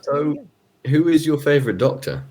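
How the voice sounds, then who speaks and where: A man's voice: a little high, animated, normal speed, a little mellow. Chatty man chiming in on a podcast. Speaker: podcast guest. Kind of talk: casual chat.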